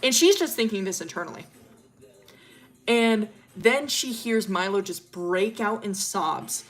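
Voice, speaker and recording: A woman's voice: mid-range voice, lively intonation, a little slow, soft background music. A young woman streamer retelling a story casually, rambling and cursing with lots of fillers.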